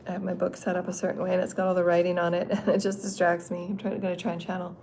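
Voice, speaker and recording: A woman's voice: fairly low pitch, flat delivery, quick pace, creaky, hardly any pauses, darkish tone, slight background noise. A woman in her fifties hosting a spiritual channeling livestream from an indoor meeting room, talking in a loose, rambling way, laughing often and swearing freely. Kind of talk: casual rambling livestream chat.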